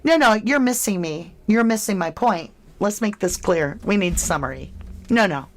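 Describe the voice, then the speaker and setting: A woman's voice: mid-range voice, animated, moderate pace, a little hiss or hum. Casting: woman, true crime livestream host, chatty and emphatic with a snarky edge, mid-range voice. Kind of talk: casual livestream chat reading comments.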